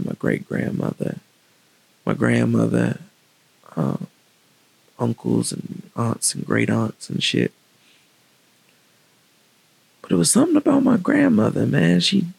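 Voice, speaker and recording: A man telling a personal story in a candid, reflective, casual way, with halting restarts and pauses. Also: mid-range voice, sing-song, creaky, breathy edge.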